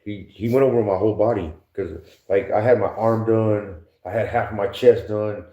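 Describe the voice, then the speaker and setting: A podcast guest tells prison stories casually, full of slang and profanity, often laughing and mimicking others. His voice is on the low side, steady and dark, at normal speed. The room is echoey and the sound dull and lo-fi.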